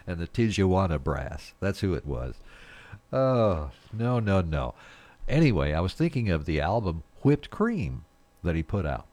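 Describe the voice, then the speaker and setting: Chuckling low-voiced folksy radio host. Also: male voice, a little mellow, dry recording. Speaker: radio morning show host. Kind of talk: casual radio chat. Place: radio studio.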